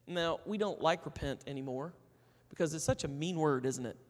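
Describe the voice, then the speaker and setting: A man's voice: fairly high pitch, normal speed, in a large hall. A man preaching a sermon in a conversational way, telling stories and acting out the people in them. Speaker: pastor.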